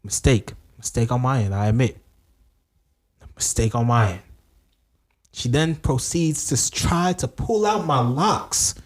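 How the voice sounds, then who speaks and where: Animated storytelling man, podcast chat. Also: medium pitch, a little slow, long pauses. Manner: animated storyteller who acts out quoted lines. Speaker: podcast co-host. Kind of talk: casual chat.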